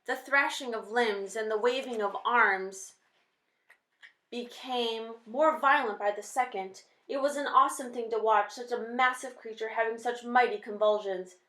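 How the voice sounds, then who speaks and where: A woman reading a children's novel aloud with steady, expressive storytelling. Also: fairly high pitch, normal speed. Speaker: reader. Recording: roomy echo.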